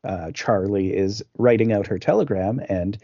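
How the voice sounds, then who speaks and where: A man co-hosting a casual film podcast, rambling through the plot with fillers and restarts. His voice is mellow and dark. It is recorded dry and a little dull, like a lo-fi home setup. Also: lowish voice, normal speed, no room sound. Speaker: podcast co-host.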